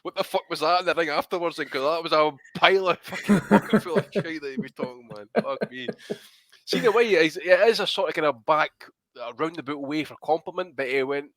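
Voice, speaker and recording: Brief: male podcast host, bright, clipped voice, dry close sound, rants hard and swears a lot. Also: on the high side, quick pace, no room sound. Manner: profane, ranting, blunt. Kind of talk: casual chat.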